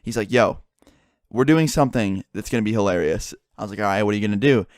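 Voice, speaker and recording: A young man rattles through a story at a quick clip, in a voice of middling pitch that sits close and dry on the mic. He swears freely and slips into the voices of his friends as he retells it. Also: no room sound. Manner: swearing, animated retelling with quoted dialogue. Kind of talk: casual storytelling.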